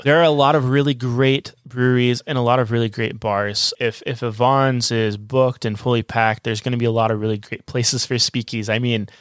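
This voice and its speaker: A man's voice: mid-range voice, flat delivery, fairly quick, hardly any pauses, clean tone, dry recording, studio quality. A man co-hosting a casual travel podcast, recommending places to listeners with enthusiasm. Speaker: podcast co-host.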